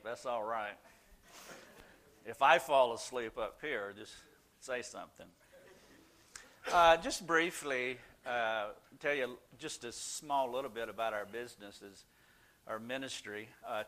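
An older man, a Christian counselor, tells folksy, self-deprecating stories to a small group in a casual storytelling talk, peppering it with "uh" fillers. His voice is mid-range and a bit bright.

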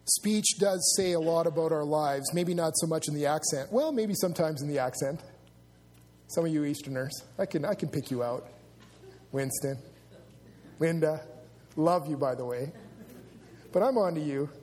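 High-voiced preacher in a reverberant church. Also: male voice, moderate pace, long pauses, darkish tone. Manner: conversational preaching with asides to the congregation. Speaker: pastor. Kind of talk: sermon. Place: church sanctuary.

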